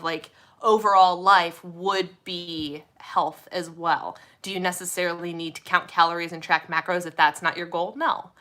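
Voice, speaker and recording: A woman from the Minneapolis area hosts a relaxed live chat with her community. Her voice is bright and clear, and she talks in a chatty, upbeat way, reading comments aloud and answering them. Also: fairly low pitch. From Minneapolis area, USA. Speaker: host. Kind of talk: casual live chat with viewers.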